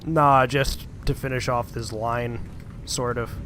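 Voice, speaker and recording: A man's voice: medium pitch, steady tone, slow pace, background noise. A young man chatting casually while playing a game with a friend, laid-back, dry and teasing. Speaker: co-player. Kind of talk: casual gaming chat.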